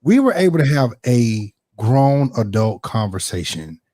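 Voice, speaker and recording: Animated, profane man with a dry close sound. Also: mid-range voice, a little slow, dry recording. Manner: animated, profane, acts out quoted exchanges. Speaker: podcast guest. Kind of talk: candid storytelling in a casual talk show.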